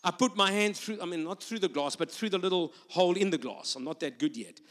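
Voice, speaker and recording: High-voiced male preacher in a reverberant hall. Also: expressive, fast talker. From South Africa or Australia. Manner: storytelling, rising to loud proclamation. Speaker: guest preacher. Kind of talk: sermon with prophetic ministry. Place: church sanctuary. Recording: long reverb of a large hall.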